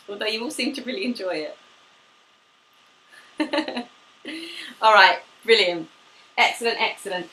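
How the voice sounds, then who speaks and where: A pilates instructor leads a live online fitness class, demonstrating the moves as she talks. Her mid-range voice is sharp with lively intonation, a little slow and marked by long pauses, and she sounds upbeat, laughs often, and is slightly out of breath from exercising. The room echoes, the mic is at a distance, and there's faint hiss.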